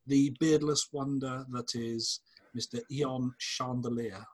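Male podcast host, husky, loose and tipsy, casual swearing. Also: medium pitch, slow, rough recording. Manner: relaxed, swearing, rambling. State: tipsy after a few beers. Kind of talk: casual chat.

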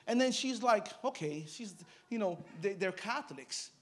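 Middle-aged male preacher, high voice, storytelling sermon, hushed to loud emphatic swings. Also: expressive, normal speed.

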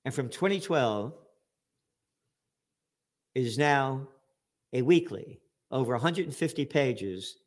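A man giving an angry, profane political rant with sarcastic jabs and sudden shouted outbursts. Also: medium pitch, expressive, slow, long pauses. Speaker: commentator.

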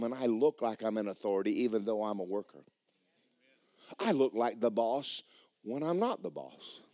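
A man preaching a sermon, emphatic and loud at times, dropping low for stories. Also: no echo, studio quality. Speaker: pastor.

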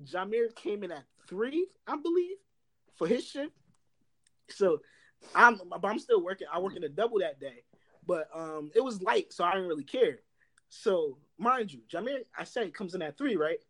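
A young man telling workplace stories in casual chat, animated and laughing, loudly acting out what others said. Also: high voice, normal speed. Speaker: storyteller.

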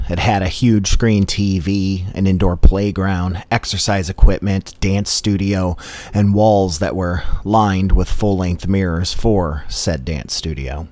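A man's voice: low voice, a little mellow, no echo. A man telling a comedic personal story in a dry, matter-of-fact way. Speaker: storyteller host.

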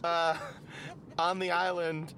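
A man's voice: a little high, flat delivery, slow pace, bright, forceful tone. A man co-hosting a casual podcast from inside a moving car, joking around and slipping into mock voices between laughs. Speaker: podcast co-host. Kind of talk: casual chat while driving. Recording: car with faint road noise.

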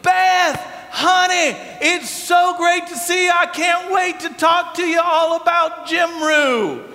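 A man voicing a big, boisterous older father with a thick Southern accent, loud and insistent. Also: sits high, expressive, fast, a little hiss or hum. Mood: excited. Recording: long hall reverb.

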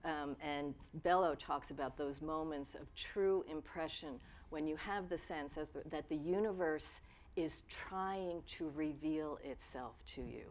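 A woman speaking onstage as an author, thinking aloud in a measured, reflective way. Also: low voice. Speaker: author in a public conversation. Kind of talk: live onstage conversation.

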